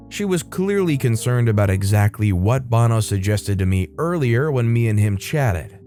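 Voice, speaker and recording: A man reading a first-person forum story aloud as steady scripted narration. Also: mid-range voice. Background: faint background music.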